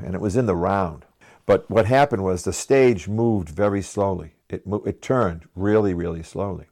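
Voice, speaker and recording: Guest storyteller: low-pitched man, chatty, laughs through his road anecdotes. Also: moderate pace, a little mellow, faint music behind. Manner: chatty, laughs often, restarts sentences. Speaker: musician guest telling road stories.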